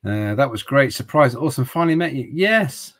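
A man's voice: medium pitch, expressive, fairly quick, a bit bright, low-quality recording. A middle-aged man chatting casually while streaming games, rambling with stumbling restarts and jokes. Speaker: streamer playing retro games. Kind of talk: casual livestream chat.

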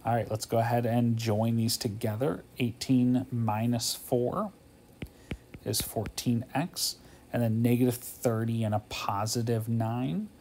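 A man with a gravelly, creaky voice at an everyday middle pitch talks through a math lesson. He sounds tired and casual, thinking aloud and asking "okay?" again and again as he works each step. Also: steady tone, unhurried, a little mellow, slight background noise. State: tired, yawning. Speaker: math teacher. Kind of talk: homework walkthrough lesson.

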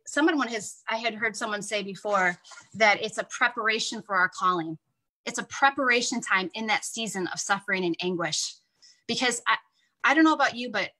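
Woman, Bible study leader, bright and slightly high, earnest conversational devotional teaching. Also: rough recording.

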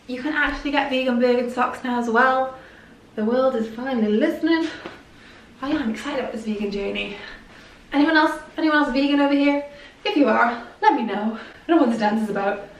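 A woman's voice: high voice, fairly quick, recorded from a distance, slight background noise. Gushing woman in an echoey room. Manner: gushing, chatty, lots of "like" and "I love". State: a little out of breath. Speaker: fashion vlogger. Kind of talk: casual try-on haul chat.

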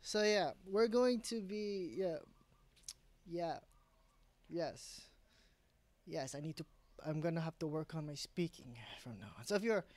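A man's voice: a little high, unhurried, pauses often, a little mellow, no room sound. Rambling young man vlogging at his desk. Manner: rambling, self-correcting, many restarts. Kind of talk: rambling casual vlog. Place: home desk setup, indoors.

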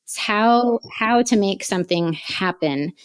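A woman in her late thirties, a podcast guest telling a personal story in an animated, chatty way and acting out her own past words. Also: medium pitch, unhurried, clear, resonant tone. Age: 30s. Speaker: podcast guest, real estate investor. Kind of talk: casual interview chat.

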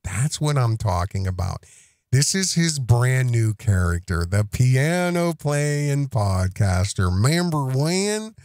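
A man's voice: mid-range voice, big pitch swings, takes it slowly, darkish tone, no echo, clean studio sound. A man hosting a podcast, delivering accusatory commentary in an emphatic way, repeating himself and restarting phrases. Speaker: podcast host.

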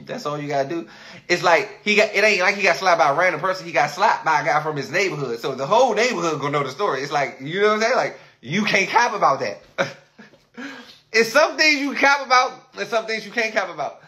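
A man talking casually to his livestream viewers, animated and rambling, repeating himself often. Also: sits high, a little fast.

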